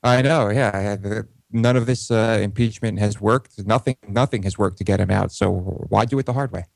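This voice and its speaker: A man's voice: lowish voice, brisk, creaky, no echo. A man co-hosting a political talk show, chatting casually and hesitantly, with many fillers. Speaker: co-host.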